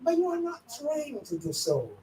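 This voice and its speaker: Animated Malaysian woman lecturing in an echoey hall. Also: high-pitched, normal speed. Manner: animated storyteller, acts out quoted voices. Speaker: workshop speaker. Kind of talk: lecture mixing Malay and English. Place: training hall. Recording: echoey hall, mic at a distance, faint room noise.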